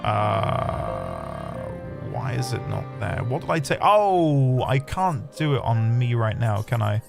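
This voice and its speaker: A man's voice: medium pitch, wildly swooping pitch, takes it slowly, gravelly. A man who streams games, talking casually and rambling through his play, swearing lightly now and then. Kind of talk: casual gameplay commentary. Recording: game music playing behind the voice. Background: game music.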